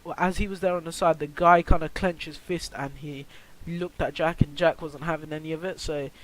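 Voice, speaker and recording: A teenage boy recounts a story for his vlog, slightly high in pitch. He rambles, restarts often, packs in fillers and swears freely. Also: fairly even intonation, a little fast, low-quality recording. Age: teens. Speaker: vlogger.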